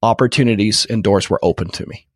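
A man's voice: fairly low pitch, fast talker, dry recording, studio quality. A man in his thirties, a podcast guest telling an emotional personal story with many repeated false starts. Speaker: podcast guest, real estate investor.

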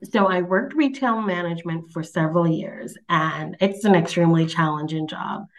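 A woman talking casually on a podcast and telling her own story in an easygoing, chatty way. Her voice sits a little low. She sounds relaxed and conversational throughout. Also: normal speed. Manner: relaxed, chatty, light laughs. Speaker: podcast host, HR professional.

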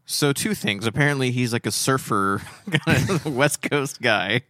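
A man's voice: medium pitch, lively intonation, measured pace, pushed and bright, dry recording, studio quality. A man co-hosting a casual podcast, laughing often and teasing his co-host. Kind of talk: casual chat.

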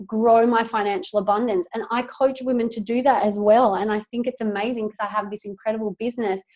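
A woman's voice: on the high side, steady tone, a little fast, darkish tone. A young woman hosting a solo motivational podcast, talking casually and emphatically, swearing freely as she coaches her listeners.

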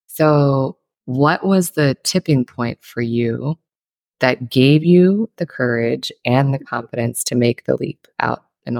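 Interview host, mid-pitched, gravelly texture; affirming, measured questions. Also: dry recording. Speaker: podcast host.

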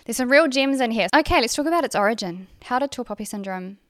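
A woman's voice: a little high, expressive, fast, no room sound, studio quality. A woman with a New Zealand accent hosting a solo podcast, chatty and self-deprecating, with fillers and restarts. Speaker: podcast host.

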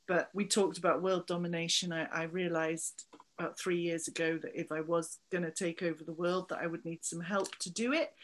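A woman's voice: fairly low pitch, a bit bright. A woman in her forties with a slight Somerset twang, chatting upbeat as a guest in an interview and laughing easily. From England. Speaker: guest, business founder. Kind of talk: casual interview chat.

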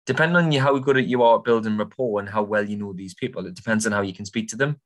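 A man's voice: on the low side, quick pace, few pauses. A young man, giving blunt, informal property advice as a podcast host in a casual monologue. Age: young adult.

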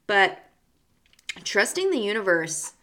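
A woman's voice: medium pitch, big pitch swings, takes it slowly, pushed and bright. Young woman hosting a psychic podcast, super chatty and bubbly, lots of likes and you knows. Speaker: podcast host, psychic medium. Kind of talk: casual chat.

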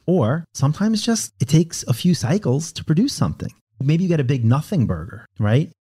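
A man's voice: fairly high pitch, very animated, normal speed, mellow, slightly rough. A man hosting a podcast, explaining ideas in a casual chat and acting out bits of inner monologue.

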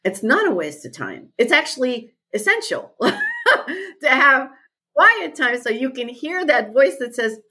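A woman's voice: high voice, huge pitch swings, a little slow, pushed and bright, husky. A woman guest who leads retreats, talking thoughtfully in a podcast conversation and repeating her key phrases.

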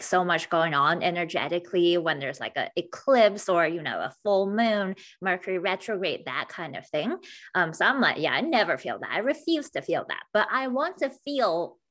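A woman's voice: fairly low pitch, fairly bright tone. A woman hosting a casual podcast conversation, affirming her guest and talking easily with "um" and "you know".

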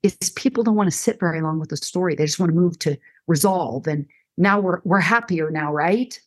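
A middle-aged woman counselor explaining listening skills in conversation, animated and acting out example dialogues. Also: lowish voice, brisk. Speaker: counselor and guest. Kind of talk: conversational teaching.

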